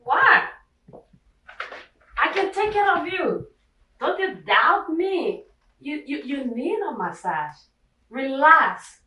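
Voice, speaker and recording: A slow, seductive mistress. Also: female voice, high-pitched, sing-song, sharp tone, roomy sound, slight background noise, exaggerated voice, poor audio. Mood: boastful. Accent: Liberian English. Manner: coaxing, boastful. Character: confident seductive mistress, pushy and coaxing.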